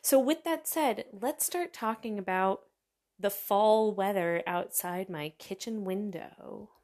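A woman's voice: mid-range voice, takes it slowly, darkish tone. A woman hosting her own podcast, chatting in a casual, rambling, self-deprecating way, tired after little sleep. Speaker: podcast host. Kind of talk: casual solo podcast chat.

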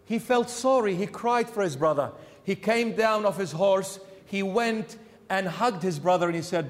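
Man preaching in a big echoey church, kinda high voice, acts out the story. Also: normal speed. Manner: animated storytelling, acting out the characters. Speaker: bishop, preacher. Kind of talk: sermon.

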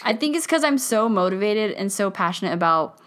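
A young woman co-hosting a casual podcast with her friend, chatty and quick to laugh. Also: mid-range voice, expressive, fairly bright tone. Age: young adult. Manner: chatty, laughs easily, interjects. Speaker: podcast co-host. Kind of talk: casual chat.

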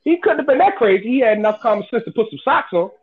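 A man co-hosting a podcast in casual chat, an animated storyteller who laughs a lot. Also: very high-pitched, quick pace. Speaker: podcast co-host. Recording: tinny phone-like sound.

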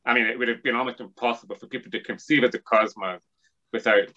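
A man's voice: mid-range voice, fairly even intonation, fast, pushed and bright, highs cut off. A man as an interview guest, explaining ideas in a discursive, lecturing way with frequent restarts. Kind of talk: thoughtful academic discussion.

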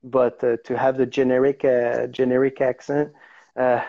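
A man who speaks French natively, talking in English with a Quebec French accent, haltingly searching for words as a guest in a casual interview over a video call. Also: mid-range voice, little pitch movement, gravelly, warm tone, dull audio. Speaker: actor guest.

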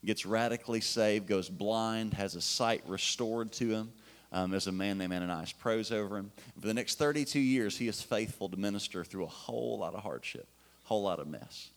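Casual pastor preaching, lower voice. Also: male voice, moderate pace. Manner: casual, enthusiastic preaching with fillers and restarts. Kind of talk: sermon.

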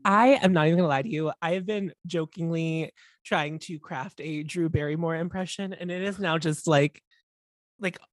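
A podcast co-host in relaxed banter who laughs often and jokes at their own expense. The voice sits at a middle pitch. The sound is dry and close to the mic. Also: no echo. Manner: giggly, quick self-deprecating chat. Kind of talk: casual chat.

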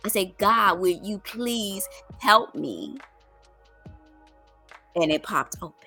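A middle-aged woman telling a story to her viewers in casual, colloquial talk, calling them y'all and getting loud when excited. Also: medium pitch, slow pace, faint music behind. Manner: animated, with loud exclamations and laughs. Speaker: vlogger.

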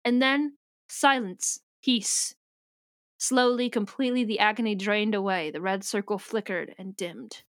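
Woman, smooth clear tone, dry close mic, rambling plot recap, reads passages aloud. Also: mid-range voice, measured pace, dry recording. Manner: retells the plot at length, reading passages aloud; rambling, with many fillers and restarts. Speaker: podcast co-host. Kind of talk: casual book discussion.

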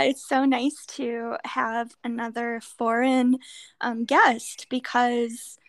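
An American woman hosting a podcast for English learners, speaking slowly and deliberately with frequent ums. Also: fairly high pitch, gravelly, no echo. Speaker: podcast host. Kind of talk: slow, clear interview for English learners.

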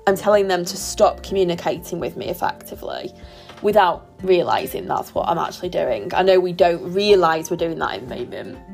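A woman hosting a solo parenting podcast, talking in a gentle, reflective and reassuring way. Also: lowish voice, expressive, a little fast, vocal fry, soft background music. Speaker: podcast host.

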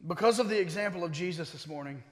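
A man with a high, light voice preaches to his congregation. He moves between easy, joking asides and rising, emphatic calls, and his words ring out with a long echo in a church sanctuary. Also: fast talker. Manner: preaching that builds to forceful emphasis; conversational asides with humor. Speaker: pastor. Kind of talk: sermon.

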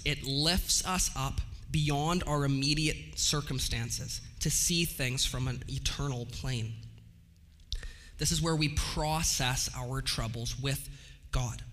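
A man preaching a sermon, speaking slowly, earnestly and in a measured way. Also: on the high side, bright, forceful tone, slight background noise. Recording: long reverb from a hall.

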